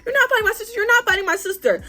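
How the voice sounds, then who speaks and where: A woman mimicking a nervous young woman whose high voice cracks as she pleads. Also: sing-song, rapid-fire, faint music behind. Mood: pleading.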